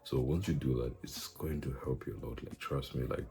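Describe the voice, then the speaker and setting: A man's voice: very deep voice, fairly even intonation, fairly quick, gravelly, warm tone. A young man giving casual language-learning advice in a rambling, playful way, full of fillers. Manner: rambling, chatty, many fillers; playful, teasing.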